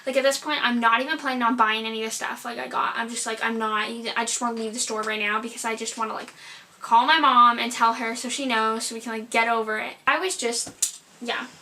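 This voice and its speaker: A woman's voice: a little high, steady tone, brisk, sharp tone. A young adult woman vlogger telling a storytime tale in a rambling way, with "like" in nearly every phrase. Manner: rambling, filler-heavy retelling, lots of "like". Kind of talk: storytime vlog.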